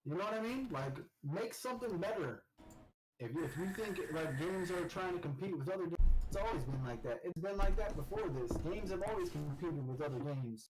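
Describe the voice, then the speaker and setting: Animated man telling gaming stories. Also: on the high side, a little fast, rough recording. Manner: animated storyteller, shouts when quoting teammates. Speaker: podcast co-host. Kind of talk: casual gaming chat.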